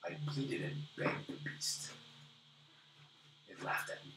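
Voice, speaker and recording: A man's voice: deep voice, slow pace, echoey room, recorded from a distance, noisy background. Man whispering as a feeble dying old man. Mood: bitter, accusing. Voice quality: breathy, wheezing whisper with coughs. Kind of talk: whispered role-play.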